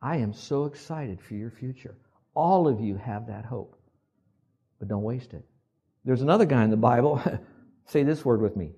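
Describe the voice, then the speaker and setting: A male pastor preaching a sermon, telling animated stories and acting out the quotes. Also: medium pitch, fairly quick. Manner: animated storyteller who acts out quotes.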